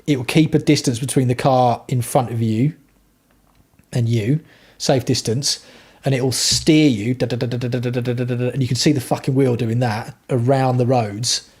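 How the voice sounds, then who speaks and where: A man's voice: mid-range voice, steady tone, normal speed, a little mellow, slightly rough. A man hosting a livestream, chatting casually with viewers in a rambling, sweary way. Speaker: livestream host.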